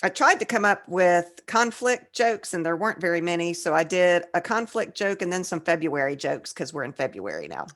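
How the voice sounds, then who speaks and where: A woman with a somewhat low voice chats casually as co-host of a writing podcast. She tells groan-worthy jokes and reads definitions out slowly, sounding slightly tipsy and loose. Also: very animated, a bit bright. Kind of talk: casual chat.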